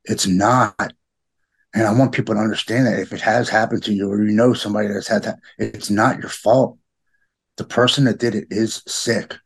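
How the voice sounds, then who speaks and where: A middle-aged man talking earnestly in a podcast conversation, halting and repeating his words. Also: fairly low pitch, steady tone, slightly rough.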